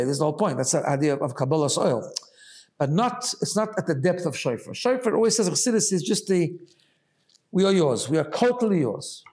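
A man's voice: fairly high pitch, darkish tone. A man giving a Chassidic Torah class, explaining ideas with rhetorical questions and frequent Hebrew terms. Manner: explanatory, asks rhetorical "right?" often, mixes Hebrew phrases. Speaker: Torah teacher.

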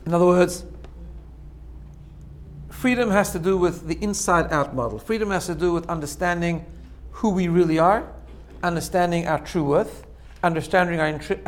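A man giving an informal religious talk, telling stories and often checking in with his listeners. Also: a little high. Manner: storytelling, checks in with "right?", laughs at own jokes. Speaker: religious teacher. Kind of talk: informal sermon.

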